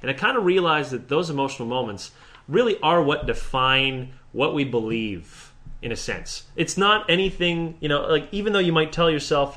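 Co-hosting a podcast, this man talks at a moderate clip in a bright, pushed, fairly high voice full of expression. The chat is loose and profane, wandering along with frequent sentence restarts.

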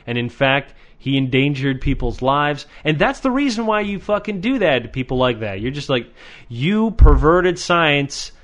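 A man's voice: medium pitch, big pitch swings, moderate pace, hardly any pauses, fairly bright tone. Sarcastic guy hosting a podcast, gets worked up, swears freely. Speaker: podcast host. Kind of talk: casual podcast chat.

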